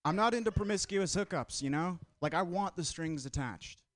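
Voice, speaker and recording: Man telling deadpan one-liners. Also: high voice, moderate pace, no echo, clean studio sound. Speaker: stand-up comedian.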